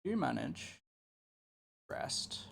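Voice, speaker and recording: A man casually narrating a shared video game session, unhurried and full of ums and uhs. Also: fairly bright tone, a little hiss or hum.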